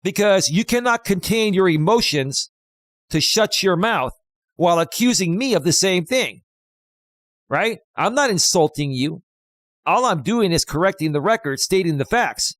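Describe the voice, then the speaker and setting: A man's voice: sits high, lively intonation, normal speed, fairly bright tone, no room sound. A man hosting a livestream, ranting in a combative, taunting way and repeating himself for emphasis. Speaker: livestream host. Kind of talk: confrontational livestream rant.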